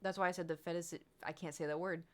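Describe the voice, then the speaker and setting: A woman's voice: on the low side, steady tone, fast talker. A woman livestreamer in casual, rambling chat, candid and swearing freely with frequent laughs.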